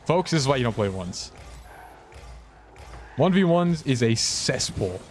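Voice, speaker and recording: A young man streaming a game, chatting casually with viewers in a rambling, self-mocking way, his pitch jumping up and down. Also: very animated, unhurried, a little hiss or hum. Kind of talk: casual gameplay commentary.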